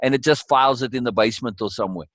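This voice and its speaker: A man's voice: medium pitch, very fast, fairly bright tone, dry recording. A man leading a course session in conversational teaching style, emphatic and repeating key words for weight.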